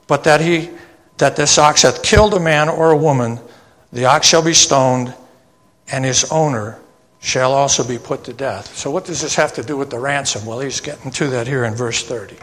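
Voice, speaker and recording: A man preaching a sermon, reading old scripture verses slowly and then explaining them in plain asides that end with "okay?". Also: medium pitch, a bit bright. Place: church sanctuary. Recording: long church reverb.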